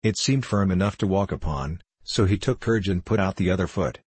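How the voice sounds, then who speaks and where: A man reading a children's storybook aloud in a steady, even voice. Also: low-pitched, brisk, breathy edge, no echo. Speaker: audiobook narrator. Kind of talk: storybook narration.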